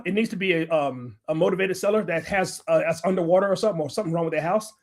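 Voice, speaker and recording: Fast-talking, profane American man ranting. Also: sits high. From United States. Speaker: livestream host, general contractor. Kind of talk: heated livestream commentary.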